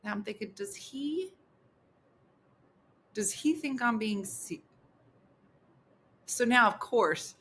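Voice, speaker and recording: A middle-aged woman tells a funny story on a morning show in a casual, chatty way. Her voice sits a little high and swings up and down a lot. Her tone is bright and sharp, and she laughs often as she talks. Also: slow pace, long pauses, a little hiss or hum. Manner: animated, laughs often while telling the story.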